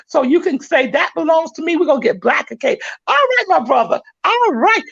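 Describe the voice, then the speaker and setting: A woman hosting a podcast, loud and preachy, with an excitable, fiery delivery. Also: sits high, fairly quick, creaky. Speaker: podcast host. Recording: dull lo-fi sound.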